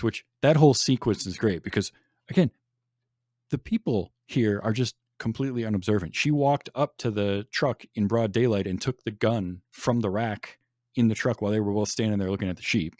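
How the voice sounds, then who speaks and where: A man's voice: fairly low pitch, brisk, darkish tone, no echo, clean studio sound. A man hosting a podcast in casual chat, enthusiastic, laughing often and restarting his sentences. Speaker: podcast host.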